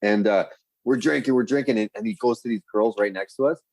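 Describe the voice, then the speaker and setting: A man's voice: fairly low pitch, fast, no room sound, low-quality recording. Man, thirties, podcast guest, swears a lot, rambling stories, close dry mic. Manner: profane, rambling, animated storyteller. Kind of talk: casual storytelling chat.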